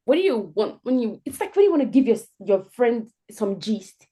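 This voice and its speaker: A woman leading a live group coaching call over video, playful and animated, acting out sample answers as she explains them. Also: a little high, normal speed. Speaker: career coach.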